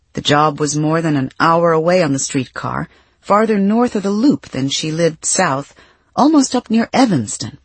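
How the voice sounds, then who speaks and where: A woman reading nonfiction as an audiobook narrator, in a measured, expressive storytelling manner. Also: low voice, slightly rough, no echo.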